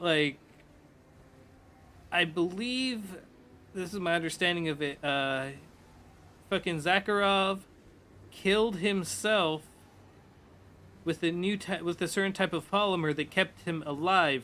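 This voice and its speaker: A man with a fairly high, bright voice talks loosely and at length. He swears freely and keeps slipping into quoted lines as he retells a story. It sounds like casual chat from a streamer. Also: a little slow, long pauses.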